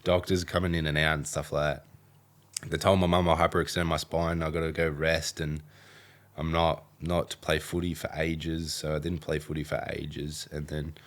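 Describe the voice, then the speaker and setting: A man's voice: a bass voice, flat delivery, moderate pace. A young Australian man with an Australian accent, candidly recounting his story in a documentary interview. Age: young adult. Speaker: documentary subject.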